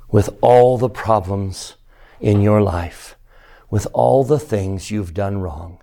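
A man's voice: medium pitch, measured pace, mellow. A man teaching a scripture class, earnest and pleading, often asking the students questions. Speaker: religion teacher.

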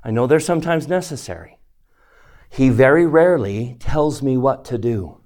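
Animated and medium in pitch, a man teaches a devotional lesson to his class as a religious teacher. His delivery is slow and deliberate, and at times he sinks to a near-whisper to stress a point.

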